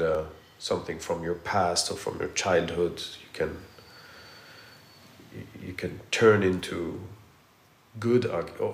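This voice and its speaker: Middle-aged male architect guest, lowish voice, excitable rambling, echoey room. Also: creaky, slight background noise. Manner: animated, rambling with frequent restarts. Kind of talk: casual conversational interview. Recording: roomy echo.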